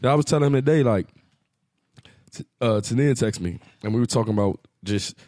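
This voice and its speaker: A man's voice: mid-range voice, brisk, dry recording, clean studio sound. A man hosting a podcast, chatting casually and telling a story, acting out the lines of the people in it. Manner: animated storyteller, acts out quoted dialogue. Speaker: podcast host. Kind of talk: casual chat.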